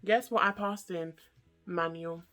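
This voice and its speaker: A young woman chats straight to camera, her voice bright and sharp-edged. She keeps it animated and jokey, full of slang and quick asides, like a casual storytime vlog. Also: lowish voice, soft background music. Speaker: vlogger.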